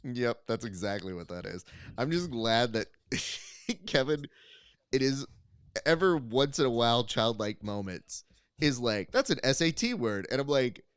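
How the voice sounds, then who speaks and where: A man hosting a casual panel show, chatty and playful, quick to laugh. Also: mid-range voice, expressive, clear, resonant tone, no echo, clean studio sound. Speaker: host.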